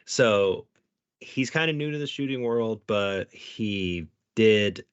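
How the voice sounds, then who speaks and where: A man's voice: lowish voice, lively intonation, slow, clean tone, no room sound. A man co-hosting a podcast, joking crudely and speaking bluntly in casual chat. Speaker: podcast co-host. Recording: dry, dull lo-fi podcast audio.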